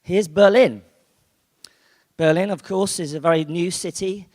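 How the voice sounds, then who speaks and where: A man's voice: high-pitched, a little slow, a little mellow. A man giving a chatty conference keynote, full of fillers and restarts. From United Kingdom. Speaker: conference speaker. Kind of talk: keynote talk. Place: conference hall. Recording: long hall reverb.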